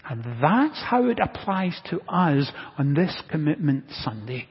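High-voiced pastor in an echoing sanctuary. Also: male voice, sing-song, unhurried, few pauses, slightly rough. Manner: earnest, builds to emphatic repetition. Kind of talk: sermon. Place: church sanctuary. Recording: dull lo-fi audio with long church reverb.

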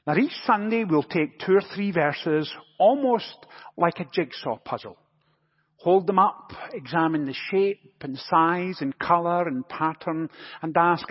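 Pastor, male, a touch high in pitch, husky, in a dull recording with a long church echo. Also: measured pace. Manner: anecdotal, gently humorous storytelling. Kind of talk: sermon.

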